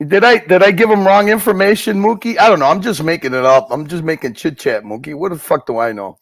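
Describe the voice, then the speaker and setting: A man's voice: high-pitched, lively intonation, moderate pace, creaky, fairly bright tone, husky, dry recording. A man chatting on a live stream, teasing and swearing freely, laughing often. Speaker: guest co-host on a live stream. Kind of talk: casual live-stream banter.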